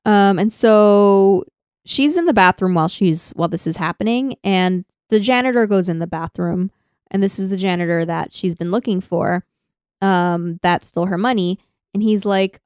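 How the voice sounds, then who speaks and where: A woman's voice: medium pitch, moderate pace, darkish tone, clean tone, dry recording, studio quality. A woman co-hosting a casual podcast, recapping scenes and laughing often. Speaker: podcast co-host. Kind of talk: casual chat.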